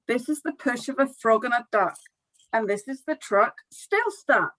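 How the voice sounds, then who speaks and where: High-voiced woman reading storybook aloud. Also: normal speed, low-quality recording. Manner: animated, expressive, friendly. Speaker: storytime session leader. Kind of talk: reading a picture book aloud to young children. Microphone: video call.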